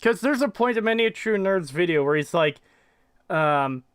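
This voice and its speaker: A young man co-hosting a casual commentary podcast, joking and rambling and quick to laugh. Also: high-pitched, expressive, clean tone. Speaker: podcast co-host.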